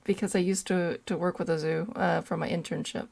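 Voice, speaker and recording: Stammering low-voiced woman joining chat. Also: steady tone, fairly quick, gravelly, a little mellow. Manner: stammering, insistent. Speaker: caller joining a podcast. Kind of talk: casual chat.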